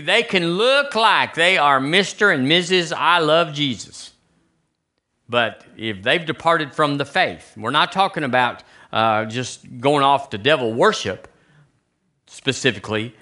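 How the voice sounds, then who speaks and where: A pastor preaches to his congregation, throwing rhetorical questions out to them. His voice is on the high side for a man, bright and forceful, and it rises and falls all the way through. The talk stays conversational, more like chatting with a room than orating. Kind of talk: sermon. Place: church sanctuary.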